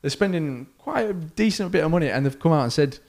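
Animated young man chatting. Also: on the high side, fairly quick, gravelly. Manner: animated storyteller, laughs often. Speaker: podcast co-host, pilot. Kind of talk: casual chat.

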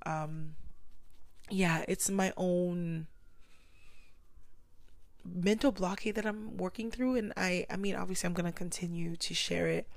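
A woman's voice: vocal fry, darkish tone, no room sound. Reflective young woman vlogging, dry close sound. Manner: reflective, self-mocking, acts out quoted voices in higher pitch. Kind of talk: candid personal vlog talk.

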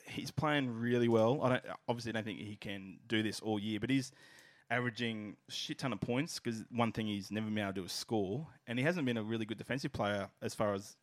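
A man's voice: lowish voice, brisk, no room sound. A man with an Australian accent co-hosting a casual sports podcast, full of crude, swearing banter. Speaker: podcast co-host. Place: small room at a table.

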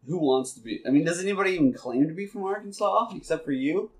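A man's voice: fairly high pitch, animated, fast talker, a little mellow. Guy ribbing his buddies, loose joking podcast chat. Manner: teasing, joking. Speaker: podcast co-host. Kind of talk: casual chat.

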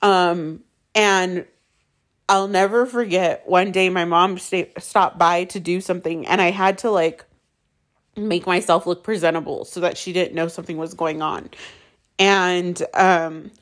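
A young woman, a mother, telling her own painful story candidly, halting often with fillers and restarts. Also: on the low side, steady tone. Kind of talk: emotional personal storytelling.

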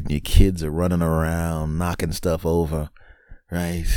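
A man hosting a podcast, delivering a comedic monologue and acting out scenes, jumping between loud outbursts and hushed whispers. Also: low voice, no room sound, studio quality. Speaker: podcast host.

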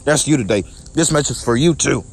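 A man's voice: mid-range voice, fast talker, gravelly, faint music behind. A young man venting to his viewers in a repetitive, aggrieved way, often stumbling and restarting his sentences. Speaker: vlogger. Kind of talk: personal rant to camera.

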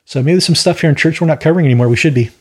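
Brief: male Bible study host, husky, slightly high voice, rambling and opinionated, repeats his words. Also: rapid-fire, darkish tone. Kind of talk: verse-by-verse Bible teaching.

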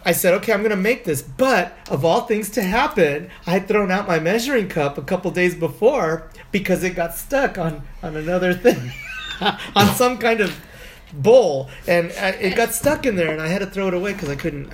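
A woman's voice: lowish voice, animated, normal speed, slight background noise. A woman co-hosting a podcast, telling a rambling story with frequent laughter and salty slang. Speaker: podcast co-host. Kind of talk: casual storytelling chat.

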